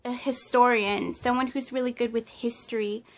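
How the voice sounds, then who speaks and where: A woman's voice: a little high, fairly even intonation, moderate pace. A woman giving a pick-a-card tarot reading in a casual, hesitant way, listing impressions with many fillers. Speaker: tarot reader.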